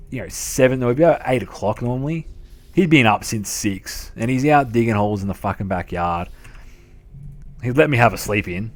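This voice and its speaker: An Australian man in his thirties, a game streamer telling casual stories, swearing freely and laughing as he talks. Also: lowish voice. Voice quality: profane, laughing, matey. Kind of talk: casual storytelling chat.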